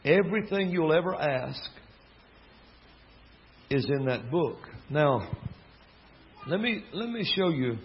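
A man's voice: a little high, animated, slow, pauses often, highs cut off, a little hiss or hum. A man from Alabama with a Southern drawl, a gospel singer and preacher telling joking stories from the pulpit. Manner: joking, drawling, storytelling with asides. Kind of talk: folksy storytelling sermon.

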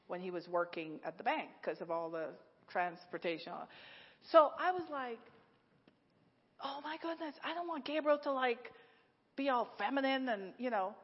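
A middle-aged woman preaching a sermon at her church, telling stories in a lively way with frequent laughs and lots of "like". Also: mid-range voice, slightly rough. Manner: lively storytelling, laughs often, many "like"s. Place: church sanctuary. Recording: echoey hall, dull lo-fi sound.

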